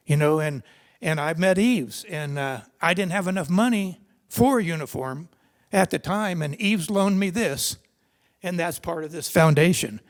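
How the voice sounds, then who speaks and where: An older man with a fairly high pitch speaks at an ordinary pace in a seminar hall. It's a personal storytelling talk about his racing days, delivered in a rambling, conversational style with lots of restarts.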